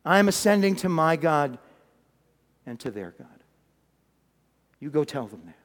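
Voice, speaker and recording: Brief: preacher reading a calm, tender Jesus; soft, earnest, lower and quieter than his telling; reverberant hall. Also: a little slow. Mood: tender urging. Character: risen Jesus, a gentle calm man.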